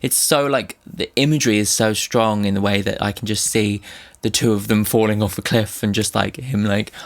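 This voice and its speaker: Gravelly low man gushing over songs. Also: steady tone, moderate pace. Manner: gushing, emotional, interprets lyrics aloud. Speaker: music reaction host. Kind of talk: casual music reaction commentary. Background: faint music playing.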